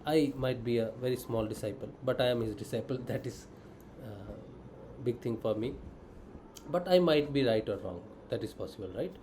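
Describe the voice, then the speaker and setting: A man's voice: medium pitch, normal speed, mellow, a little hiss or hum, low-quality recording. Earnest man teaching devotion. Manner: earnest, asks and answers his own questions. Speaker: spiritual disciple explaining scripture.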